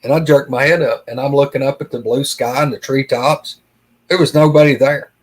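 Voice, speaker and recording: A man's voice: medium pitch, steady tone, brisk, low-quality recording. A middle-aged man, a podcast guest telling a personal story in an earnest, plain-spoken way and retelling conversations line by line.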